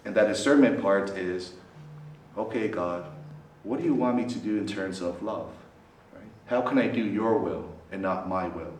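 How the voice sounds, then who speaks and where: A lower-voiced male priest addressing a student gathering, tossing out questions and tagging "right?" onto his points. He is heard from across an echoing meeting hall with a faint hum of background noise, and his voice swings dramatically in pitch and loudness. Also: moderate pace. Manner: keeps asking listeners questions, tags "right?". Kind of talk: talk to a student fellowship. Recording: roomy echo, from a distance, faint background noise.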